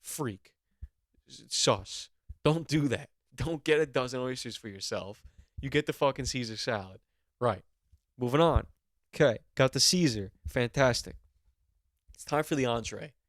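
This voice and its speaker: A man's voice: medium pitch, expressive, moderate pace, no room sound, clean studio sound. A young man co-hosting a comedy podcast, giving brash, profane, mock-serious instructions. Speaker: podcast co-host.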